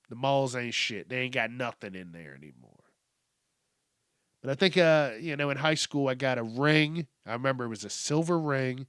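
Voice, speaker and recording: Slow, bright-voiced profane male podcaster. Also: mid-range voice, no echo, clean studio sound. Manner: profane, rambling, self-amused. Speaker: podcast host. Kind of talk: casual solo rant.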